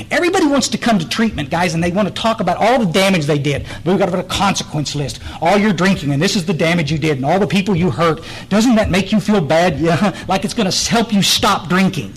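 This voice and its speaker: A man's voice: high-pitched, husky, rough recording. A man, giving a blunt, direct recovery meeting talk full of stories and restarts, speaking in a meeting room.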